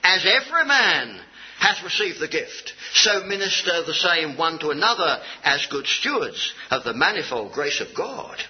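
A man from Britain preaches with a lively, swinging voice, rising on key words and sinking low at the end of phrases. His voice sits a little high for a man. The recording is dull and lo-fi. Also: normal speed. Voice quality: rises to stress key words and drops low at phrase ends, reading scripture aloud. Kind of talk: sermon.

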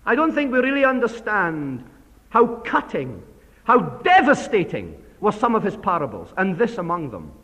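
A man delivering a sermon with real fire, his voice leaping up and dropping low to press each point home. It rings out with a long reverb from a large hall, and he often falls to a hushed aside after a loud burst. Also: huge pitch swings, moderate pace. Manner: impassioned, swings from loud emphasis to hushed. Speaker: preacher. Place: church assembly hall.

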